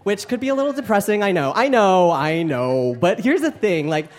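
A man's voice: sits high, sing-song, normal speed. Playful gay man doing stand-up. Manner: playful, self-mocking, laughing through lines. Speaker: stand-up comedian. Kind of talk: stand-up comedy set. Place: comedy club stage before a live audience. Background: audience laughter and room noise.

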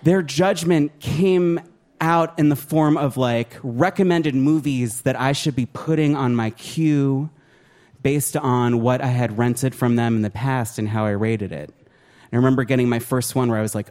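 A man doing a stand-up set, self-mocking and shouting his punchlines. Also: medium pitch, normal speed. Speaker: stand-up comedian. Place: live comedy show before an audience.

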